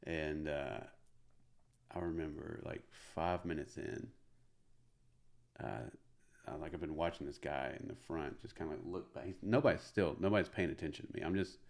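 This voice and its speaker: A man from Middle Tennessee, a comedian guest telling an animated story full of fillers. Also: a bass voice, normal speed, creaky. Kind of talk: casual storytelling.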